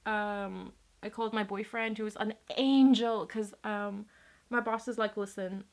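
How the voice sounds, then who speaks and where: A woman's voice: mid-range voice, fairly even intonation, unhurried. A young woman from Latvia telling a personal story to her camera in a rambling, casual way, swearing often. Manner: chatty, rambling, swears casually, many fillers. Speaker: vlogger.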